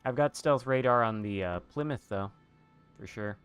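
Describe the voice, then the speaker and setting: A man's voice: mid-range voice, normal speed, a bit bright, clean tone, soft background music. A man giving casual commentary over a video game, chatting and muttering asides to himself as he plays. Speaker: gaming video host.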